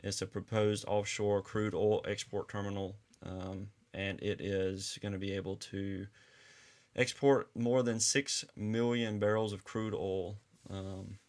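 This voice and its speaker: A man's voice: fairly low pitch, level tone, a little slow. A man with a Southern US accent, co-hosting a podcast, laid-back and plainspoken as he runs through news. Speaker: podcast co-host. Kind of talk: casual chat and news roundup.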